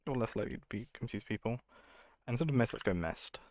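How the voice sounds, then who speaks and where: A man's voice: medium pitch, animated, fast talker, a little mellow, no echo. A man streaming himself coding, thinking aloud in a casual, muttering way and correcting himself as he goes.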